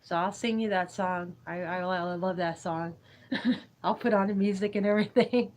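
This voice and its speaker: A woman's voice: lowish voice, normal speed, a little mellow, poor audio. A woman hosting a spiritual livestream, chatting in a loose, meandering way, laughing often and answering viewers' chat. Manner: giggly, meandering, reads chat aloud. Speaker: YouTube livestream host.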